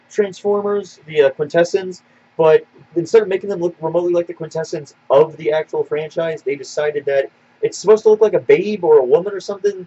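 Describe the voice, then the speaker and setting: A man co-hosting a casual podcast, answering viewer questions in a rambling, animated way with many fillers and restarts. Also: fairly high pitch, breathy edge, highs cut off. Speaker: podcast co-host.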